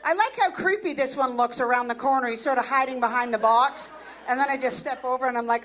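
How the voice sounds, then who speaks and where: With a high, fairly bright voice and a quick pace, a woman in her fifties mocks herself brashly in a stand-up set. She works the crowd from the club stage with a handheld mic, and the live recording picks up audience noise.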